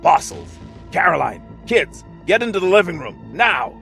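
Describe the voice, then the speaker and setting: A man voicing a scornful alien father who sneers at humans, in an animated short. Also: high voice, normal speed, creaky, long reverb tail, soft background music, heavily acted. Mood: urgent. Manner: sneering, contemptuous.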